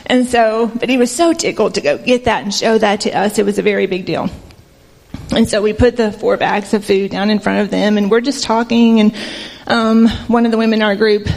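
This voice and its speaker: A woman tells an earnest church testimony in a soft, conversational way. Her voice carries a gravelly fry, and it rings out with the long reverb of a large hall. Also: medium pitch, fairly even intonation, brisk. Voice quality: soft-spoken. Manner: earnest, conversational, emotional storytelling with fillers. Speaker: church member sharing a mission trip testimony. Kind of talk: personal testimony to a congregation.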